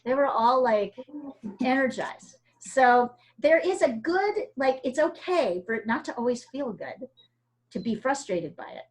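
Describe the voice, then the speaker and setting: A woman from the United States teaching art over a video call. She talks in a chatty, encouraging way with plenty of fillers, and her voice sits a little high. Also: expressive, a little slow.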